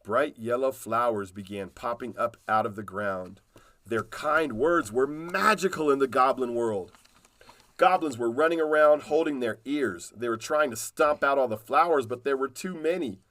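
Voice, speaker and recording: A man reading a children's storybook aloud in a calm, unhurried way. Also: medium pitch.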